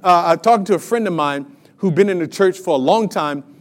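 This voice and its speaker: A man's voice: high-pitched, a little fast. A man, preaching a sermon with energy and rhetorical questions to his congregation. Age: 50s. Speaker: pastor.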